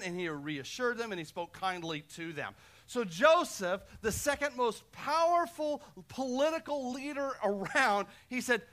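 A male pastor delivering a sermon with a high, ringing voice. He preaches with passion, punching key lines loudly and then dropping to soft, intimate asides. His tone stays bright and forceful throughout. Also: lively intonation, measured pace. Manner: impassioned preaching, swinging between loud emphasis and quiet asides.

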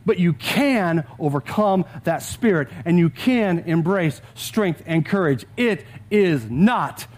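Texan pastor guy preaching, fairly high voice, keeps getting the crowd to say verses back. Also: expressive, slow pace, hardly any pauses, a little mellow. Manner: urges the congregation to repeat scripture aloud. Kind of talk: sermon.

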